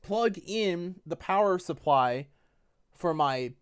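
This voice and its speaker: A woman's voice: lowish voice, lively intonation, takes it slowly, smooth. A woman streaming a game live, talking bluntly to her chat and swearing heavily in frustration.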